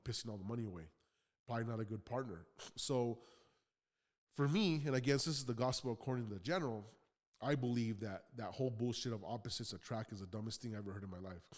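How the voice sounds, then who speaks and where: A blunt man hosting a motivational podcast monologue, giving life advice in a fairly low voice. He speaks casually and directly and swears now and then. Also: a little mellow. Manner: blunt, conversational, occasional swearing. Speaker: podcast host.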